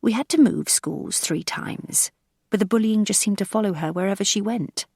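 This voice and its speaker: A woman voicing a fond middle-aged mother who speaks slowly and gently in an audiobook. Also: medium pitch, creaky, breathy edge, dry recording, studio quality, voice pushed up. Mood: rueful.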